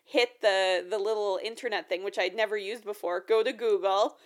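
A woman co-hosting a podcast in casual chat, lively and quick to laugh, acting out quotes as she tells stories. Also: medium pitch. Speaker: podcast co-host.

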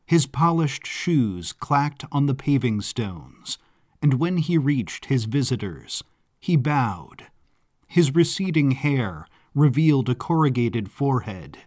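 A man narrating a story in a measured, descriptive way. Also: medium pitch, big pitch swings, a little mellow. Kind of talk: scripted audiobook narration. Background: faint background music.

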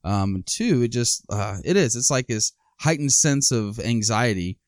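A man's voice: medium pitch, expressive, measured pace, no room sound, clean studio sound. A married man co-hosting a podcast in casual chat, blunt and opinionated, swearing freely. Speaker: podcast co-host.

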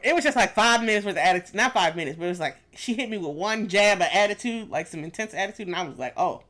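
Bright-voiced young woman, teasing co-host. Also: mid-range voice, lively intonation, quick pace. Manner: laid-back, teasing. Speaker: podcast co-host. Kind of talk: casual chat.

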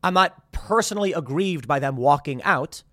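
A man's voice: on the high side, expressive, normal speed, a bit bright, dry recording, clean studio sound. A man hosting his own commentary show, talking casually in a rambling way with many restarts. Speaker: podcast host.

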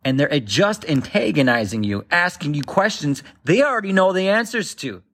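A man's voice: fairly high pitch, very animated, moderate pace, a bit bright, a little hiss or hum. A man in his thirties performing a rambling stand-up routine, acting out other voices as he goes. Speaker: stand-up comedian.

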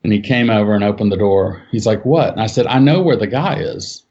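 A man telling a personal eyewitness story in casual speech, acting out what people said with his voice jumping up for the quotes. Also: fairly quick. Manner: animated, acts out quotes with raised pitch. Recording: dull lo-fi sound.

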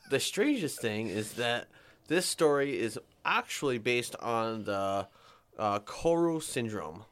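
A man's voice: mid-range voice, sing-song, slow pace, a bit bright. A man hosting a podcast in casual chat, reading odd facts aloud with fillers and crude jokes. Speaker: podcast host.

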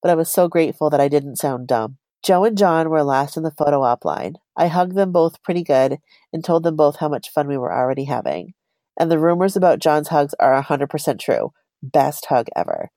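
Woman, low pitch, mellow tone, dry close sound, giggly storyteller, reads a personal story aloud. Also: expressive, brisk, no room sound.

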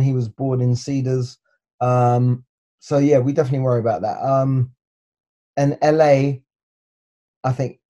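Interview guest: English man, forties, warm and mellow, stop-start delivery that turns animated when he tells a story. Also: mid-range voice, lo-fi sound. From England. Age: 40s. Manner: hesitant, repeats words, lively storytelling. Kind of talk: casual interview chat.

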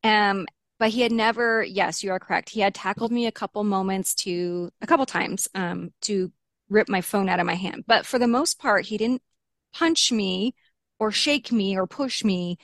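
A young adult woman, an interview guest, candidly recounting a personal ordeal, her pitch rising when she quotes heated arguments. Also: normal speed, no echo, clean studio sound.

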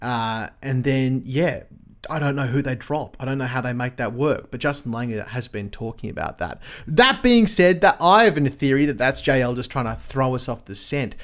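An Australian man hosting a casual podcast, chatty and excitable, with lots of fillers and restarts. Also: mid-range voice, moderate pace. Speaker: podcast host. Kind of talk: casual cricket podcast chat.

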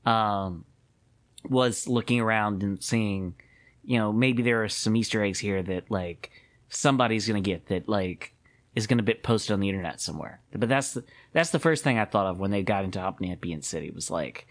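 A man co-hosting a podcast in casual chat, animated and quick to laugh, often restarting his sentences. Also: fairly low pitch. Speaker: podcast co-host.

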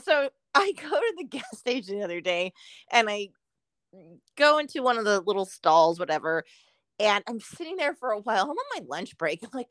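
A woman's voice: high-pitched, very animated, a little slow, pauses often, fairly bright tone, no room sound, clean studio sound. A middle-aged woman from Southern California, co-hosting a podcast and telling stories in casual chat, swearing and laughing often. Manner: profane, laughing storyteller. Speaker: podcast co-host.

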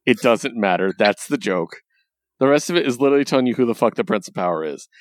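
A man hosting a casual podcast, animated and profane as he acts out scenes from a comic. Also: medium pitch, fast talker, dry recording, clean studio sound. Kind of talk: casual comic book chat.

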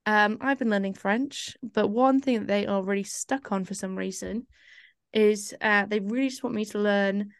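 A woman's voice: mid-range voice, steady tone, normal speed, no room sound, clean studio sound. A woman co-hosting a podcast, chatting casually in a rambling, self-mocking way. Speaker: podcast co-host. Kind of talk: casual chat.

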